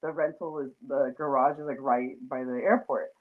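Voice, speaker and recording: A woman's voice: rumbling low, fairly even intonation, normal speed. A woman hosting a casual chat, talking in a rambling way with many fillers and frequent laughs. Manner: chatty, lots of fillers and laughter. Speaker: host. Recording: tinny phone-like line.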